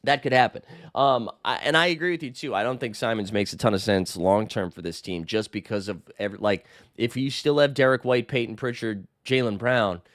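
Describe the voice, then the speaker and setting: A man hosting a casual sports show, reading viewer comments and answering them bluntly and animatedly, a little hoarse. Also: mid-range voice, fairly quick, few pauses, fairly bright tone, no echo, studio quality. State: slightly hoarse. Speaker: host.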